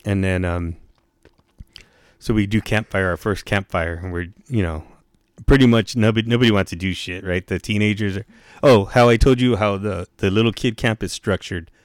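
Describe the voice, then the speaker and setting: A man with a lowish voice spins a profane, slangy story, pushing his pitch up whenever he quotes someone. The sound is close and dry with no room around it. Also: fairly even intonation, normal speed, dry recording. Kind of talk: casual storytelling.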